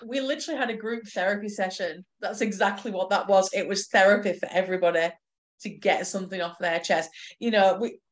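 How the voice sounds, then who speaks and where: A woman co-hosting a casual film podcast, chatting in an animated way with frequent restarts. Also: mid-range voice, fairly quick. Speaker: podcast co-host. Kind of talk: casual chat.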